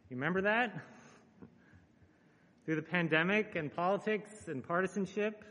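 Male preacher, slightly high voice, casual earnest sermon delivery, long hall reverb. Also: moderate pace, long pauses. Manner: earnest, relaxed, frequent "uh" fillers. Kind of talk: conversational sermon.

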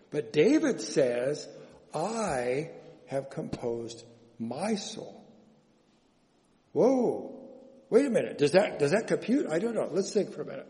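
A man with a fairly high, mellow voice delivers a sermon as a chaplain. He talks in a conversational way and keeps asking his listeners questions. His voice rings with the long reverb of a large hall. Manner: conversational preaching with rhetorical questions.

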